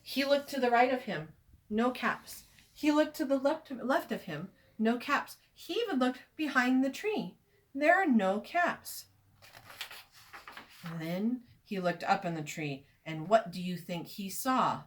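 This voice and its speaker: A woman reading a children's story aloud, expressive and inviting listeners to join in. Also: a little high, moderate pace, few pauses.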